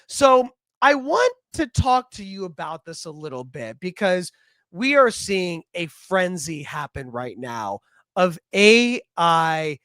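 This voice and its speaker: A woman's voice: lowish voice, fairly bright tone, no room sound. A woman hosting a casual podcast discussion, talking conversationally and sometimes searching for her words. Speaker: podcast host.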